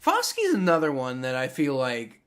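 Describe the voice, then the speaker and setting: A man's voice: mid-range voice, wildly swooping pitch, moderate pace, a bit bright, clear, resonant tone. A young man casually reacting on a live stream, rambling with many restarts and frequent swearing. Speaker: streamer reacting to a sports draft.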